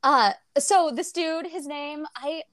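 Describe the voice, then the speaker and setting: A woman's voice: high-pitched, slow pace, a bit bright, no echo. A woman co-hosting a podcast in a casual book chat, laughing often and swearing freely. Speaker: podcast co-host.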